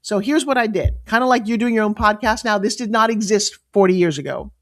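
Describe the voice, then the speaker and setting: A middle-aged woman being interviewed as a guest, telling her stories in a lively, emphatic way with quick asides. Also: medium pitch. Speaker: guest, entrepreneur and pitch coach. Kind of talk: animated storytelling interview.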